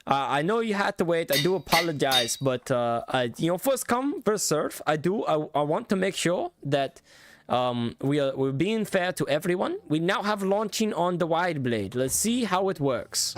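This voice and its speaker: A man streaming gameplay commentary, excitable, laughing often and reading out chat. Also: a little high, normal speed, soft background music. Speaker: streamer reviewing viewer mods.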